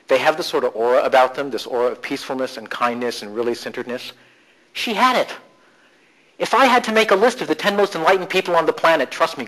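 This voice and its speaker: A man presenting at a conference, telling animated, joking stories in a humorous live talk. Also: mid-range voice, low-quality recording. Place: conference session room.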